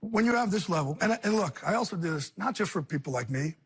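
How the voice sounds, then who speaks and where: A man, a guest on a talk show, talking candidly and earnestly in intense rushing bursts. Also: high voice, lively intonation, husky.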